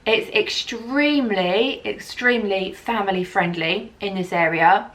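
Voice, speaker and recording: A woman chats straight to camera in a travel vlog. Her delivery is gushing and excitable, tumbling into repeated superlatives as her enthusiasm builds. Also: mid-range voice, measured pace. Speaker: vlogger.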